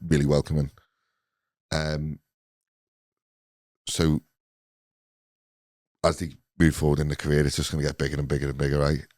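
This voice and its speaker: Host, man, late 30s, very low dark voice, easygoing delivery, dry close sound. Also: completely flat delivery, normal speed, pauses often, no echo. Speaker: podcast host. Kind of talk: casual chat.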